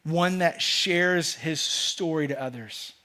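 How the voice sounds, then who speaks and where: Taking it slowly, a pastor with a fairly high, sharp-toned voice preaches to the congregation in a church sanctuary. His manner is earnest and emphatic, marked by repeated words and restarts as he constructs his point.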